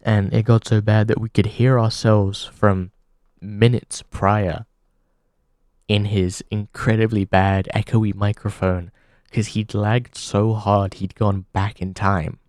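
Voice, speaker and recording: A man hosting a comedy show, delivering a halting deadpan monologue full of pauses. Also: lowish voice, dry recording, studio quality.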